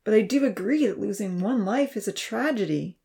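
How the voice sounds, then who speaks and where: A woman's voice: medium pitch, lively intonation, a little fast, pitched above the performer's own voice, lightly acted. Woman voicing a grieving old professor. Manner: sorrowful, soft and hushed. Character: grieving old male professor, gentle and regretful.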